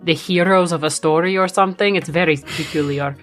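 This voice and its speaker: A woman's voice: lowish voice, steady tone, fairly quick, faint music behind. A woman playing a tabletop game with sarcastic quips. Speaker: player. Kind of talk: tabletop role-play.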